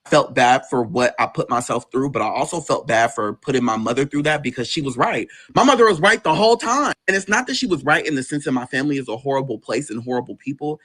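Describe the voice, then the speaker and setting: A man's voice: fast, hardly any pauses, a bit bright. A man guest telling an emotional personal story, intense and swearing as it builds. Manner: intense, swearing, rising pitch in tense moments.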